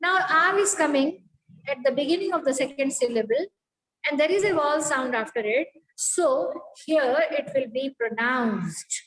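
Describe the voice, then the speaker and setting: High-voiced woman teaching phonetics. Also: normal speed, fairly bright tone, rough recording. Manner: explains step by step, checks understanding. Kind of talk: phonetics lecture.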